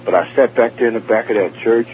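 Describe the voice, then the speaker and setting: A man's voice: medium pitch, fast, a little hiss or hum. A man from New York with a New York accent telling his personal testimony in a rambling, repetitive way, acting out dialogue. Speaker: testimony speaker. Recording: tinny phone-like radio broadcast.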